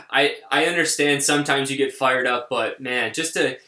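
A man co-hosting a casual podcast, talking in an animated, rambling way and often restarting his sentences. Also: mid-range voice, normal speed, echoey room. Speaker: podcast co-host.

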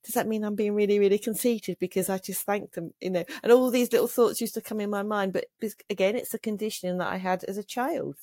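A woman's voice: mid-range voice, fast talker, hardly any pauses, darkish tone, no room sound, clean studio sound. A middle-aged woman, a trauma coach, speaking earnestly and reflectively as an interview guest. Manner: earnest, reflective, with frequent restarts. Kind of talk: casual interview conversation.

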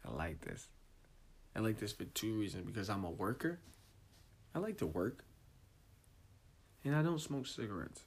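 A man's voice: on the low side, very animated, normal speed, pauses often. A young man, hosting a casual solo podcast and ranting in a loose, profane, rambling way. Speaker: podcast host.

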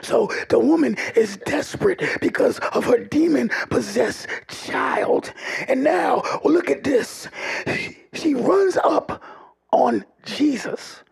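A man preaching a sermon in a call-and-response style, often shouting and dropping humorous asides to the congregation. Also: extremely high pitch, animated, slow pace. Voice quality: gravelly, raspy.

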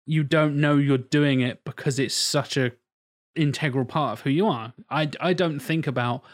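A man's voice: fairly high pitch, moderate pace. A man hosting a podcast in casual chat, talking enthusiastically and rambling, often mimicking voices. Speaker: podcast host.

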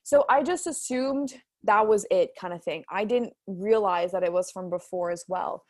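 A woman's voice: medium pitch, moderate pace, darkish tone, dry recording, studio quality. A young woman hosting a podcast, chatting casually and rambling with restarts. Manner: rambling, many fillers and restarts. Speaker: podcast host.

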